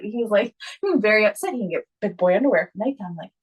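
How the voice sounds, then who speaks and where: A woman's voice: medium pitch, lively intonation, very fast, slightly rough, faint music behind, poor audio. Woman cohosting a podcast, casual chat, storytelling, acts out the quotes. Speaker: podcast co-host.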